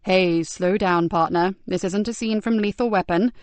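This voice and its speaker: A woman narrator voicing a gentle male police sergeant who talks softly and reassuringly. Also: a little high, fairly even intonation, moderate pace, vocal fry, no room sound. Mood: soothing. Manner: soft, reassuring, hushed.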